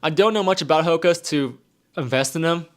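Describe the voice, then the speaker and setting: Chatty young man, slightly high voice. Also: brisk. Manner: rambling, repeats himself, reads chat aloud. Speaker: nurse streamer answering questions. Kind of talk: casual live-stream Q&A.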